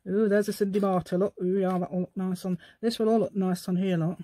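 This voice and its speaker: A middle-aged woman with a medium-pitched, dark voice speaks quickly and levelly, with no echo. As a crafting channel host, she shows off a project, chatting to herself and rambling in a playful posh telephone put-on.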